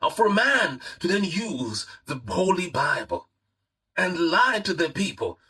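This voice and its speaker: A man's voice: high-pitched, sing-song, unhurried, sharp tone, husky, poor audio. A man with a Zimbabwean accent giving heated live-stream political commentary, repeating his points and mixing in Shona phrases.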